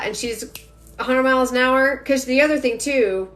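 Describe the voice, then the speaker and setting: A woman giving an intuitive energy reading to viewers during a casual phone livestream, talking quickly and emphatically and addressing the audience directly. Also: high voice, expressive, a bit bright, faint music behind.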